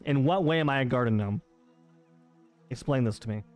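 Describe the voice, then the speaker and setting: A man's voice: medium pitch, brisk, soft background music. A man streaming a game live, bantering and joking with his chat in a playful, teasing way.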